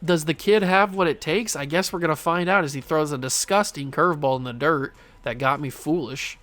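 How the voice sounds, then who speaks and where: A young man giving live commentary while playing a baseball video game, groaning when it goes badly and shouting when it goes well. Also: on the high side, fairly quick. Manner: animated, swings from frustrated groans to excited shouts. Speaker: gaming YouTuber.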